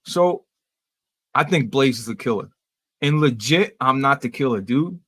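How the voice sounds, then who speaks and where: This podcast host and streamer curses without hesitation and rattles off fast, self-deprecating anecdotes in a casual chat. He has a medium-pitched, expressive voice that's a bit bright and slightly rough. The recording is dry.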